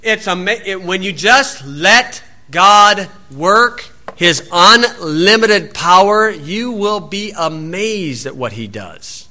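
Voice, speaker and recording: A man preaching a sermon in a folksy storytelling way, acting out the people in his stories and shouting out scripture. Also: high-pitched, animated, slow, hardly any pauses. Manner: folksy storytelling, acts out voices, loud shouted quotes.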